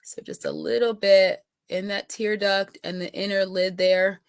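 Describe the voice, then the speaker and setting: A middle-aged woman walks viewers through her makeup in a relaxed, chatty way, often checking in with them as she goes. Her voice sits at an ordinary middle pitch. The sound is dry and close. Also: a little slow, clean tone, no echo. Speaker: makeup consultant. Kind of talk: casual makeup tutorial.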